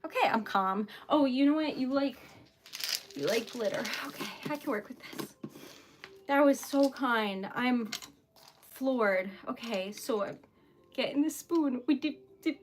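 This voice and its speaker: A woman's voice: high-pitched, expressive, measured pace, a little hiss or hum. A young woman running a casual livestream for her small business, flustered and giggly as she thanks viewers.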